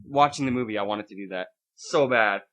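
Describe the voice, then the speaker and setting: Against background noise, a young podcast co-host talks fairly quickly in a fairly low voice. Telling a story in casual chat, he rambles, swears often, and animatedly acts out scenes.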